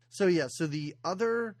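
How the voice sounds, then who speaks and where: A podcast co-host chatting casually about a film, laughing often. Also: medium pitch. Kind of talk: casual movie-review chat.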